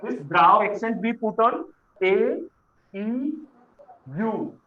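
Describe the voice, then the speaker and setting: A high-pitched man teaches beginners in an unhurried, patient way, repeating key words so learners can follow. The recording is roomy and a bit muffled, with a lo-fi edge. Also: bright, forceful tone. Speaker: French teacher. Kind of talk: classroom lesson explanation. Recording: echoey room, dull lo-fi sound.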